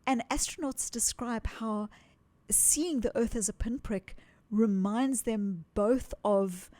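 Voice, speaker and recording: A woman guest in an interview, explaining ideas in an earnest, animated way and repeating words for emphasis. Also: a little high, takes it slowly. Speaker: psychologist guest.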